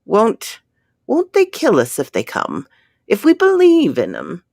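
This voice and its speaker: Woman voicing a brash burly spaceman, gruff, low hushed lines, slow with a gravelly edge. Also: huge pitch swings, no echo, clean studio sound, full character voice. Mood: uneasy.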